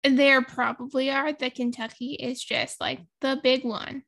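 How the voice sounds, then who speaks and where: A woman's voice: high voice, little pitch movement, measured pace, fairly bright tone. A woman in casual chat, co-hosting and adding short, dry interjections. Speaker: podcast co-host.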